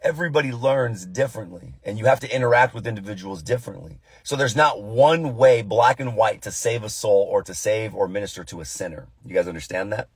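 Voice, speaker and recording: Animated, husky-voiced man preaching. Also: on the low side, a little fast, hardly any pauses, no echo. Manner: animated storytelling, acting out voices. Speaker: pastor. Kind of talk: devotional sermon.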